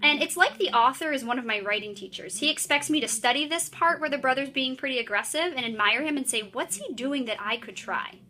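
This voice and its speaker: A woman in her thirties teaching a writing lesson to a class, clear and encouraging as she explains. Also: high voice, fast talker, few pauses, bright, forceful tone.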